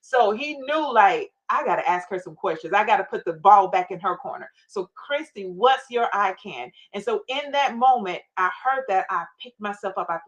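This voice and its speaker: Brief: middle-aged woman, guest on a faith talk, emphatic storyteller, mid pitch. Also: lively intonation, moderate pace, few pauses, low-quality recording. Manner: emphatic storytelling, acting out her own past prayers. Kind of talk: faith-based interview talk.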